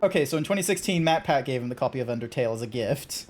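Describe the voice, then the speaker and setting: A man's voice: medium pitch, animated, very fast. A man streaming a game, talking in a rambling, chatty way with lots of fillers. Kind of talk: casual live-stream chat.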